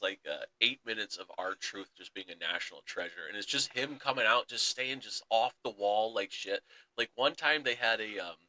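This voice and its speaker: A young man co-hosting a sports podcast, excitedly retelling a wrestling story in casual chat and acting out the quotes. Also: medium pitch, rough recording. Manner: excited storytelling, acts out quotes, laughs often. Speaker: podcast co-host.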